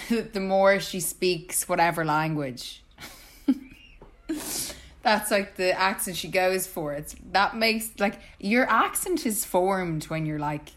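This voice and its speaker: A woman's voice: on the low side, a bit bright. A young woman co-hosting a podcast, chatting with amusement and giggling. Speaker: podcast co-host. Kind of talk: casual gossip chat.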